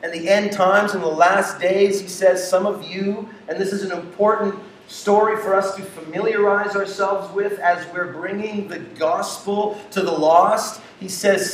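Male pastor, high voice, slow and theatrical sermon delivery, distant mic in a reverberant church hall. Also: steady tone, slight background noise. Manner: dramatic swings between loud enthusiasm and hushed tones. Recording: echoey room, speaker far from mic.

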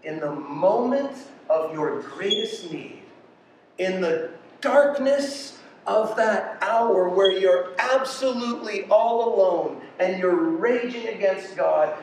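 A man preaching a sermon with passion, swinging between quiet and loud delivery. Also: sits high, slight background noise. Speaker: pastor. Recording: echoey room from far off.

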